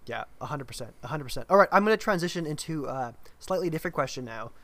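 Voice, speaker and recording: A man hosting a casual gaming panel, his voice a bit on the high side. He rambles as he sets up questions for his guests. The sound is close and dry, with no room around it. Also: lively intonation, quick pace, a bit bright, dry recording. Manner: rambling, self-aware, hands off questions. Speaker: podcast host, moderator.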